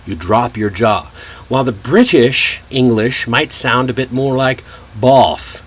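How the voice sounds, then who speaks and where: An American man teaching English pronunciation, slowly explaining and demonstrating example phrases. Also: mid-range voice, a bit bright, breathy edge. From United States. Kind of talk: pronunciation lesson.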